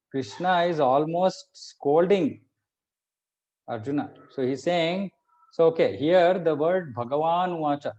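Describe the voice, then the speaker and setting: A man's voice: medium pitch, creaky, a little mellow. A man teaching a conversational scripture class. He explains patiently and keeps checking in with his listeners. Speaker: Bhagavad Gita teacher. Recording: muffled lo-fi recording.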